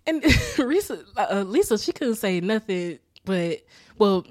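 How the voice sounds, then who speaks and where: Tired from a rough weekend, this podcast host slowly retells a sitcom episode at a medium pitch, cursing freely and laughing often in a lively, casual recap. The studio-quality recording has no room sound.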